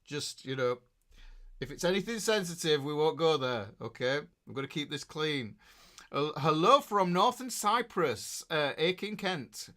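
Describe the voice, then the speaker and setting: A man's voice: fairly high pitch, lively intonation, measured pace, pushed and bright. A middle-aged man, chatting casually as a guitar teacher hosting a live class and reading out viewers' names with jokes and fillers. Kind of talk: casual live-stream chat.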